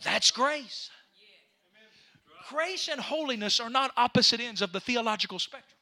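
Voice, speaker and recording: Man, pastor, fervent preaching, high voice, repeats himself, bursts into shouts. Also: lively intonation, moderate pace, pauses often. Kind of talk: impassioned preaching.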